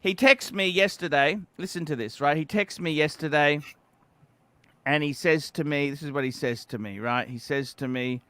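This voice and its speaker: A man hosting a casual livestream, telling a story in an animated way, acting out quoted messages and laughing often. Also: a little high, unhurried, clear, resonant tone, no room sound. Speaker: livestream host.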